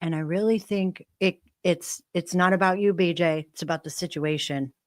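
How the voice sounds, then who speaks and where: A woman reacts on a live stream, indignant and swearing freely as she argues her point. Her voice is somewhat low and sounds dry and close. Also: steady tone, moderate pace, a little mellow, no room sound. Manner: profane, indignant. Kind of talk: heated reaction chat.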